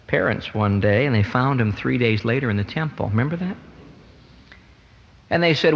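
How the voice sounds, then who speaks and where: Man preaching in an echoing hall. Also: highs cut off. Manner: dramatic swings in pitch and loudness, rising to emphatic peaks. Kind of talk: sermon.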